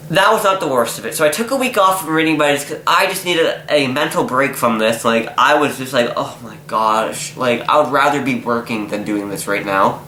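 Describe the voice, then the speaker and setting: A young man telling a story in a casual vlog, animated and exasperated, acting out what people said. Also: mid-range voice, brisk, few pauses. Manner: animated, exasperated, acts out quotes. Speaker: vlogger. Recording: echoey room, faint noise.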